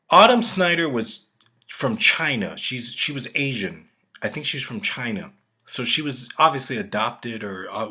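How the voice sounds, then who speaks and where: A man's voice: mid-range voice, sharp tone, husky. A man ranting to camera in a rambling way, swearing often and restarting his sentences. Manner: profane, rambling, with frequent restarts. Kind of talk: rambling opinion rant to camera.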